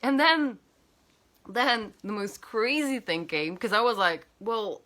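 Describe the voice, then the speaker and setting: Animated woman telling a personal story. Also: on the high side, takes it slowly. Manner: animated, emotional retelling with many fillers and restarts. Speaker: healer and coach.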